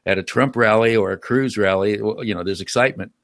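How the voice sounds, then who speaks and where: A man on a casual political panel, talking earnestly but hesitantly, with many pauses and restarts. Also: fairly low pitch, a bit bright, dry recording, clean studio sound.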